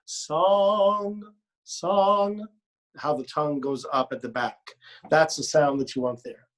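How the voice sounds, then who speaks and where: A choir director runs a rehearsal, coaching pronunciation and word stress and modeling phrases by both speaking and singing them, with playful jokes tossed in. His voice is mid-range and steady, at a normal speed.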